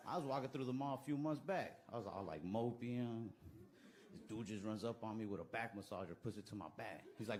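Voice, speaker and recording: A man telling a stand-up story in a low-key, deadpan way. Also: brisk, a little hiss or hum. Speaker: stand-up comedian.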